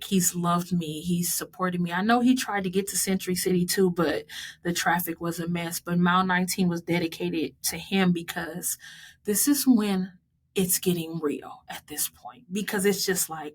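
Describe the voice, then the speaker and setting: Woman, 30s, American, lowish voice, heartfelt and chatty with frequent laughs. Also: steady tone, normal speed, breathy edge. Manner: heartfelt, laughs often, dedicates each mile to loved ones. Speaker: vlogger recapping her marathon. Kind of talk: casual personal recap.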